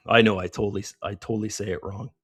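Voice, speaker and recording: A chatty middle-aged man talks through his trades on a live stream with a lowish voice. He keeps tossing in "right?" as he goes, and the sound is dry and close. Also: expressive, fairly quick, vocal fry, a bit bright, husky, no room sound. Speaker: trading stream host. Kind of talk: live trading commentary.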